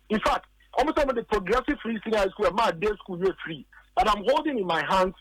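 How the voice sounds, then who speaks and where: This Ghanaian man comments on politics over the radio in a high-pitched, slightly bright voice, arguing insistently and returning again and again to the same points. The audio is poor, close and dry, with no echo.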